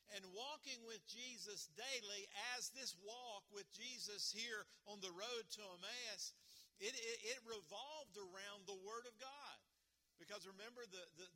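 A man's voice: high voice, pushed and bright. A middle-aged man preaching a sermon as pastor, earnest, with repetition and rhetorical questions.

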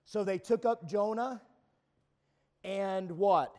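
A man preaching a sermon at a camp meeting, retelling a story with frequent stammering restarts and rising to shouts. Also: sits high, normal speed. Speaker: pastor.

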